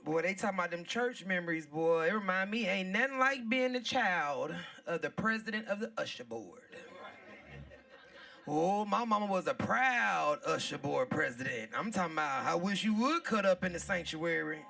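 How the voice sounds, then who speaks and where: A woman hosting a live comedy show, loud and playful, laughing and talking straight to the crowd. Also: fairly low pitch, animated, normal speed, creaky, recorded from a distance. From Southern United States.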